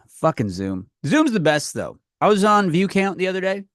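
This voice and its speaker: A man's voice: high-pitched, big pitch swings, a little slow, fairly bright tone, no echo, studio quality. A man hosting a comedy podcast, ranting with lots of profanity and stumbling restarts, recorded on his own podcast microphone. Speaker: podcast host. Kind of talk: comedic rant.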